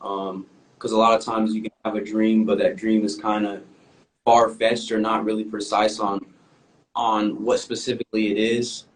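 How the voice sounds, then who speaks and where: A young man co-hosting a podcast, talking earnestly in a casual, halting way with lots of "um"s. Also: fairly low pitch, flat delivery, low-quality recording. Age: young adult. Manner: earnest, halting, many "um"s and restarts. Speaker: podcast co-host. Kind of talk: casual chat.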